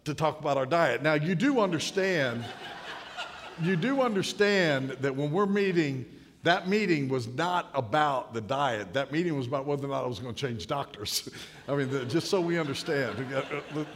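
A folksy, humorous preacher in his late 50s speaks from a podium to an audience in a large hall, his slightly high voice animated at a normal speed. He tells anecdotes that build to punchlines, with long hall reverb behind him.

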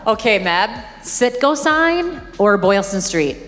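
A woman moderating a live panel, running a playful rapid-fire round in a casual, upbeat way. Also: mid-range voice, big pitch swings, long reverb tail, soft background music.

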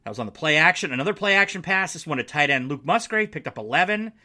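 A man's voice: on the high side, animated, fast, pushed and bright. A man hosting a solo sports podcast from his basement, casual and jokey, with playful self-mocking asides. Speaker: podcast host. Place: home basement.

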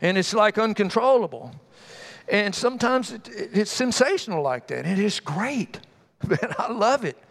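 A man's voice: high voice, lively intonation, gravelly. A man preaching a sermon in a folksy, conversational way, telling homespun stories and calling out to the congregation. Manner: tells homespun stories with quick asides to the congregation.

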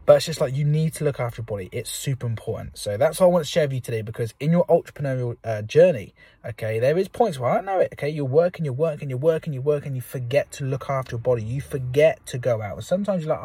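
A young man talks quickly and a little huskily, recording a casual solo podcast from inside a car. His pep talk rambles along, full of fillers, and he is still slightly out of breath from sport. The sound is close and dry. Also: mid-range voice, animated, mellow, breathy edge, dry recording. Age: young adult. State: slightly out of breath after football. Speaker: podcast host.

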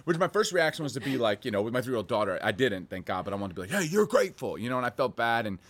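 A middle-aged man telling family stories in a casual chat, animated and laughing often. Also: very fast. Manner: animated storytelling, laughing, voice jumping high for quotes.

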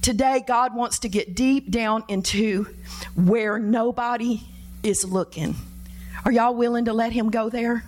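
High-voiced woman preaching with passion. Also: steady tone, a little slow, darkish tone, soft background music. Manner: impassioned, repeats words, acts out pleading prayers. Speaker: preacher, pastor's wife. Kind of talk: sermon.

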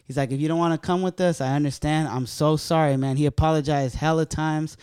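A man telling a story in a casual podcast chat, animated and profane, acting out what people said. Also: a little high, brisk, clean tone, no echo, clean studio sound. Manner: profane, animated, acts out quotes.

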